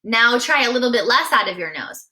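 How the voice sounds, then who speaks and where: A woman's voice: on the high side, expressive, a little fast, bright, forceful tone. A woman teaching a live singing lesson in a chatty, encouraging way, often checking in with her viewers. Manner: demonstrates sighs and nasal sounds mid-explanation.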